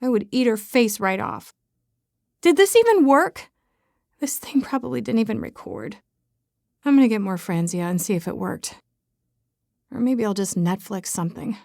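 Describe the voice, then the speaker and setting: A woman's voice: mid-range voice, moderate pace, creaky, dark tone, dry recording, clean studio sound. A woman narrating a romance audiobook in the first person, chatty and self-mocking.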